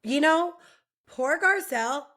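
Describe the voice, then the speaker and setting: A woman's voice: sits high, lively intonation, takes it slowly, sharp tone. A woman co-hosting a podcast in casual chat with a friend, gossiping animatedly and laughing often. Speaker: podcast co-host.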